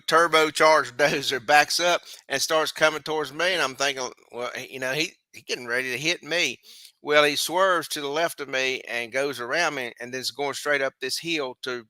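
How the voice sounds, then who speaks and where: A middle-aged man hosting a live stream recounts a dream in a long, rambling story, restarting phrases and chuckling as he goes. His mid-range voice has a sharp tone, and the live stream mic gives a dry recording.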